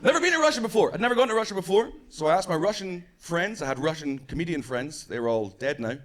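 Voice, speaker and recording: A Scottish man performing brash stand-up comedy, swearing freely and quickly acting out the people in his stories. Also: fairly high pitch, animated. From Scotland. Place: comedy club stage before a live audience. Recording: live club audio with crowd laughter.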